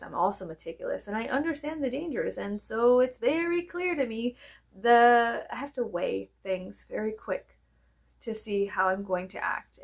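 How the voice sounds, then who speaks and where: A woman, telling rambling stories in a chatty, profane, animated way. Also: medium pitch, gravelly. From American South. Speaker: vlogger. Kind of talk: rambling casual storytelling.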